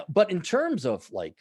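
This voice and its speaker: A middle-aged man chatting as a podcast guest from home on his own microphone over a video call, measured with frequent hesitations. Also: high-pitched, huge pitch swings, darkish tone, slightly rough, no echo, clean studio sound. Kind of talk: casual chat.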